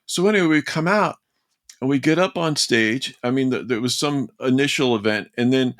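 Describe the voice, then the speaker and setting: An older man, a guest in a conversation, telling a personal story in a lively, rambling way and acting out the other people's lines. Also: medium pitch. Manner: animated, rambling, acts out quoted dialogue.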